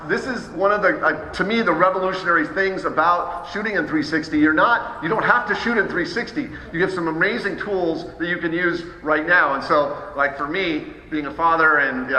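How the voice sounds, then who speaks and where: A man gives a live software demo with a very bright, forceful voice, casual and upbeat, stumbling through fillers and restarts. He is recorded in a large hall with long reverb and a faint room hum behind him. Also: fairly high pitch. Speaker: software trainer presenting at a trade show. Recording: roomy hall echo, faint ambience.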